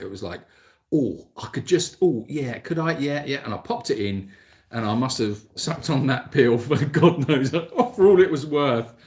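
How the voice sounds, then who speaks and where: A man's voice: medium pitch, a little mellow. A man hosting a casual livestream Q&A, rambling and self-deprecating as he answers viewer comments into his mobile phone. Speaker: animal sanctuary host answering viewer comments.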